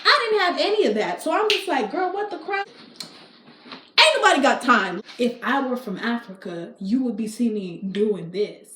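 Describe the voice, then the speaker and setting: Animated woman telling a storytime vlog. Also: on the high side, normal speed, hardly any pauses. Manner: chatty, slangy, addresses viewers as y'all; animated, emphatic repetition. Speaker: vlogger. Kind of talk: casual storytime. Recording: echoey room with faint hiss.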